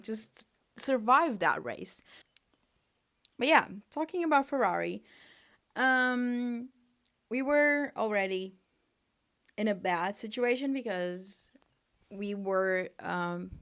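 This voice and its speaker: A young woman vlogger chatting casually, an exasperated fan full of "like" and quick asides. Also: fairly high pitch. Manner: animated, exasperated fan ranting with lots of "like". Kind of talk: casual chat.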